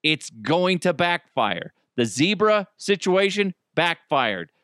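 A man's voice: sits high, big pitch swings, slow, fairly bright tone, smooth, no echo, clean studio sound. A middle-aged man hosting a casual solo podcast, ranting in an exasperated, profane way and telling stories with lots of animation. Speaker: podcast host.

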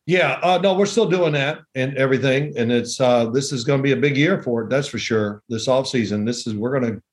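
A man's voice: medium pitch, brisk. A man in his sixties, a former quarterback, chatting as a podcast guest and telling wry stories. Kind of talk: casual podcast chat.

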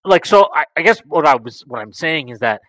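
A man co-hosting a podcast in casual sports chat, blunt and animated, swearing freely. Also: a little high, brisk, no room sound, rough recording. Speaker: podcast co-host.

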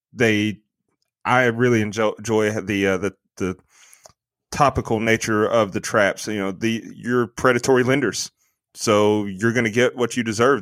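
A man's voice: mid-range voice, no echo. A man co-hosting a podcast, giving an opinionated, rambling movie review full of fillers and restarts. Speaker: podcast co-host. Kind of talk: casual movie review chat.

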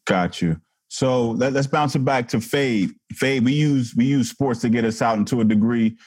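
A man hosting a podcast panel, calmly steering the talk and asking guests how they sought help. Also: mid-range voice, normal speed, husky, dry recording. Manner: calm, affirming, lots of listening sounds. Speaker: podcast host and moderator. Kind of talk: interview moderation.

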